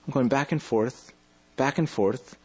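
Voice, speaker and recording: A man's voice: mid-range voice, a little slow, a little mellow, breathy edge. A man telling a travel story in a casual interview, rambling and often correcting himself mid-sentence. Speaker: interview guest.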